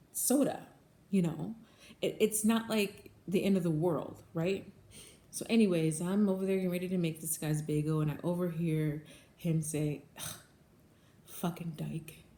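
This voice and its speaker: This bagel shop manager speaks in a lowish, dark-toned voice as she shares a story on her casual vlog. She is earnest, repeats herself, and keeps addressing her viewers as "guys." Faint background noise sits under the echo of the room.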